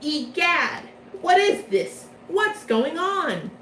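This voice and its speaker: A woman's voice: high voice, measured pace, slight background noise. A woman voicing a sulky, hot-tempered young male student prince, whiny and melodramatic, in an echoey room. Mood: startled. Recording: echoey room, mic far off.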